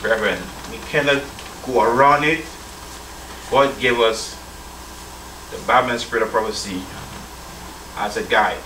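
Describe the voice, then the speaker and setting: A man's voice: mid-range voice, unhurried, long pauses, sharp tone, slight background noise. A male church elder preaching a sermon, reading scripture aloud and calling his listeners brethren while prompting their answers. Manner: addresses listeners as brethren, asks call-and-response questions. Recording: roomy sound from a distant mic.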